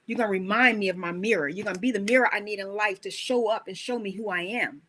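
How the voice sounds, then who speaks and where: A woman coach giving an animated, emphatic motivational talk, full of rhetorical questions. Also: medium pitch, quick pace, background noise.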